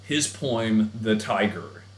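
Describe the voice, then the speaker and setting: A man's voice: lowish voice, slow pace, roomy sound. A man teaching a recorded lesson in a chatty, enthusiastic way with many fillers. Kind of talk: recorded class lecture.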